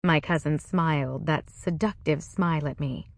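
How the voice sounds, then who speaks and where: A woman narrating a first-person novel in a measured, wry way. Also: low-pitched, gravelly, no room sound. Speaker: audiobook narrator.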